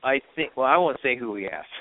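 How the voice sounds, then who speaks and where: A man calling in as a guest, telling stories in a lively way with quick restarts. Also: mid-range voice. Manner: animated storyteller, quick restarts. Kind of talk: casual call-in show talk. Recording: tinny phone line with faint hiss.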